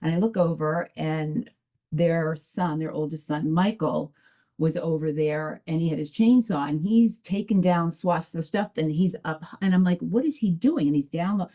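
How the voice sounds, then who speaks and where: Low, hesitant woman testifying at a meeting. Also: fairly even intonation, normal speed, mellow. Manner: hesitant, rambling retelling full of restarts. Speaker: resident addressing a town commission. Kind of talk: public testimony at a town meeting. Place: town meeting room. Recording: dull lo-fi public access broadcast.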